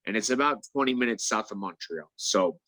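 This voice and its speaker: A man telling a story in casual chat, animated and stammering, acting out the other people's lines. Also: on the low side, fairly quick, no room sound, rough recording. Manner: animated, acts out quoted voices, stammers and restarts. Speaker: MMA fighter guest.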